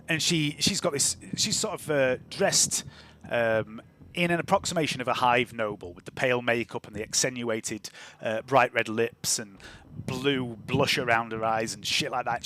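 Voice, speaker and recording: A man's voice: mid-range voice, fairly bright tone, slight background noise. A man narrating a tabletop game as game master, rambling with fillers and chuckles.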